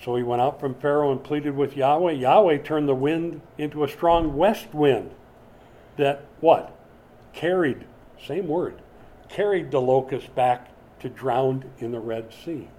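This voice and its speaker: A man preaching a sermon in a conversational, animated way, with sudden dramatic swings and words repeated as he builds a point. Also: medium pitch, unhurried. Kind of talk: expository sermon.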